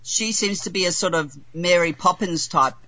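A man's voice: sits high, moderate pace, bright, forceful tone. A man chatting as a podcast guest, a little hesitant as he works out his thoughts. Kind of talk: casual chat. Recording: dull dry lo-fi mic.

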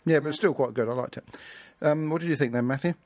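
A man's voice: fairly high pitch, fast, dry recording. A man hosting a casual review chat, rambling and hesitant with many fillers. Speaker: podcast host.

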